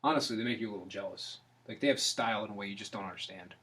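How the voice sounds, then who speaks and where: A man's voice: lowish voice, rapid-fire, fairly bright tone. Playful male game master. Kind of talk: narrating a tabletop game.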